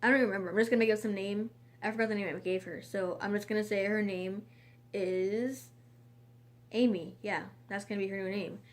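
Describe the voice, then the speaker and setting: A woman's voice: medium pitch, fairly even intonation, brisk. A woman in a casual storytime monologue, rambling and chatty, with frequent fillers and restarts. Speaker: vlogger.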